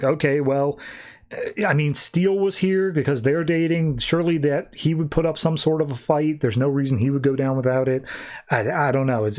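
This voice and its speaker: A man chatting his way through a comic book recap on a podcast, with a middle-pitched voice. He strings the story along with fillers and restarts in a loose, easy flow. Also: darkish tone. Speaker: podcast host.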